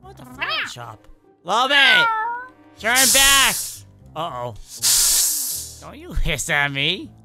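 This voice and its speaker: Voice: mid-range voice, wildly swooping pitch, slow pace, pauses often, music in the background, full character voice. A performer voicing an exasperated male animatronic fox scolding his cat-form fiancee in a fan game role-play, exclaiming and pleading.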